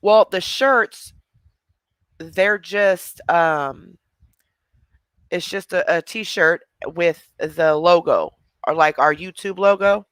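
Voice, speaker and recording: A man's voice: high voice, slow pace, a bit bright, clear, resonant tone, dry recording. A man hosting a livestream, chatting casually with viewers and laughing often. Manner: chatty, laughing, responding to chat. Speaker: livestream host.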